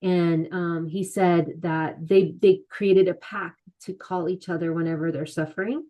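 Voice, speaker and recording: A woman on an interview podcast talks through her own past with many pauses and restarts. Her voice sits a little low, and she often slips into quoting the people around her. She sounds middle-aged and speaks candidly. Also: fairly even intonation. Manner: soft-spoken, halting, many restarts and quoted asides. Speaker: guest, author and mental health advocate. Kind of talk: candid personal storytelling in an interview.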